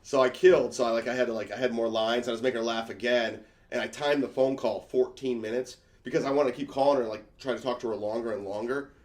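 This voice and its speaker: A man, a comedian guest on a podcast, racing through a story at a very quick clip. His voice sits at an ordinary middle pitch, and he acts out everyone's lines as he goes. He swears freely. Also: fairly even intonation, a little mellow.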